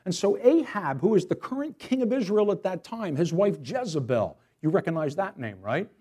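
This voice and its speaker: Husky, high-voiced animated male pastor. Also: moderate pace. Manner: animated storytelling preacher. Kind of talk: sermon.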